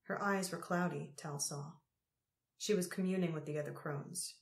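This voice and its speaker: A woman's voice: low-pitched, steady tone, normal speed. Woman reading an audiobook, roomy. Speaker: audiobook narrator. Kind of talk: audiobook narration. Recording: roomy echo.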